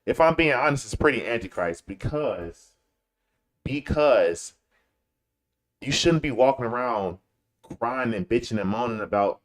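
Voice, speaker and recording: Hosting a live-stream, a man rants combatively at normal speed, his medium-pitched voice lively in intonation. He goes over the same points repeatedly and stammers into restarts. To mock others, he puts on whiny voices.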